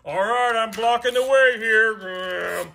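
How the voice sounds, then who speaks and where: A woman playing with toy cars alongside a child, narrating the action in an animated way with sound effects. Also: on the high side, slow pace, creaky, soft background music. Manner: animated, makes sound effects and voices for toys. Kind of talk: playful toy play narration.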